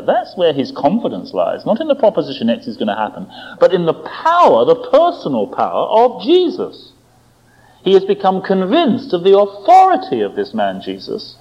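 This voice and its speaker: A man preaching a sermon, with expressive delivery, rhetorical tag questions and dramatic quoted voices. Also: high voice, slightly rough. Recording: dull lo-fi recording.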